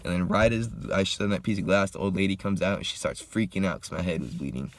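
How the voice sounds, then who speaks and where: A young man telling a story in a laid-back, slangy, profane way while getting high and smoking. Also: expressive, fast talker. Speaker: vlogger. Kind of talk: casual storytime.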